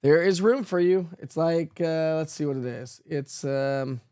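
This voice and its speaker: Chatty weather host. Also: male voice, on the high side, steady tone, unhurried, warm tone, smooth, no echo, studio quality. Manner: chatty, reads viewer comments aloud and answers them; frequent fillers and laughs. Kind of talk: casual live-stream chat.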